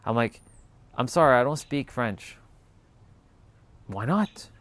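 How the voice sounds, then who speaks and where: A spiritual talk host tells a casual, animated story as a monologue, swearing freely and acting out the people involved with quoted voices. His voice is medium-pitched and moderately paced.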